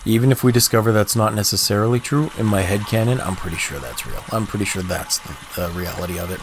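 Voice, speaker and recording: A man's voice: on the low side, quick pace, noisy background. A man livestreaming a game, thinking aloud in easygoing, chatty talk and answering chat, with a cough. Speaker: game streamer.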